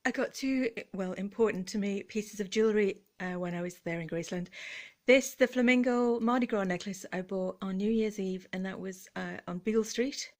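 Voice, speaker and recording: A woman's voice: medium pitch, moderate pace. Theatrical woman chatting playfully. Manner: theatrical and self-mocking, often drops to a hush. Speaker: vlogger. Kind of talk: light-hearted chat, playful showing of clothes.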